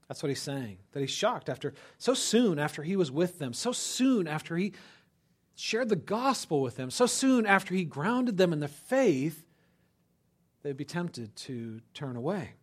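Male pastor, chatty sermon delivery, slightly raised pitch, punchy emphatic bursts. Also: measured pace. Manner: conversational, often checks in with listeners; rises to loud animated bursts for emphasis. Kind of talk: conversational sermon.

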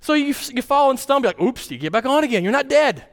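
A man preaching a sermon as pastor, conversational and animated, with sudden jumps in pitch. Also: fast. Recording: long hall reverb.

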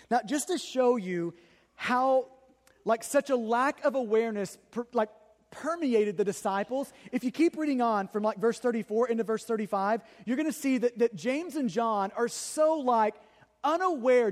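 High-voiced preacher man in a reverberant hall. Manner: conversational, stammers and repeats words, builds to loud emphatic peaks. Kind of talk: sermon.

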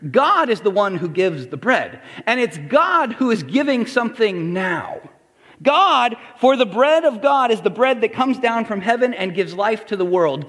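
High-voiced guy preaching in church, super animated, lots of reverb off the hall. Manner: animated preaching with acted-out voices of the crowd and Jesus. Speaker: pastor. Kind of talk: sermon.

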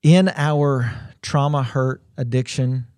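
A man co-hosting a Christian livestream, speaking in a slow, reflective way with occasional playful asides. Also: medium pitch, fairly even intonation, darkish tone, clean tone, dry recording, clean studio sound. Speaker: co-host of a faith livestream. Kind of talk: conversational Christian teaching.

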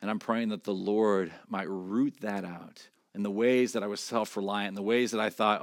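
A man preaching a sermon as pastor, earnest. His voice climbs when he voices prayers and scripture, then drops soft and low on reflective points. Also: fairly even intonation, moderate pace, hardly any pauses, no room sound, clean studio sound. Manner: earnest, rises in pitch and volume when quoting scripture and prayers.

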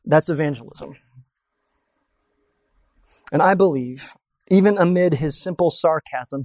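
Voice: medium pitch, darkish tone, dry recording. A pastor preaching a sermon in a conversational way, often asking the audience rhetorical questions.

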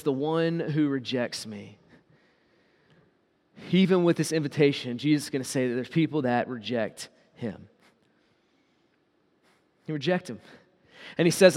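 A man preaching a sermon as a pastor, pleading and swinging from loud appeals to quiet, low asides. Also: in a large hall.

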